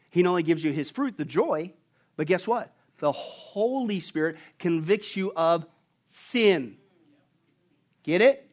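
Man, pastor, high voice, animated sermon, rhetorical questions. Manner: animated, asks the congregation questions and answers them. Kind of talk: sermon with jokes.

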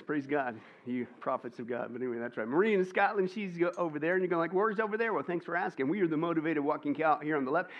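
A male pastor reads out church announcements with a playful, joking manner, often asking a question and answering it himself. His voice sits a little high. The recording sounds dull and lo-fi. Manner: jokey, upbeat, asks and answers his own questions.

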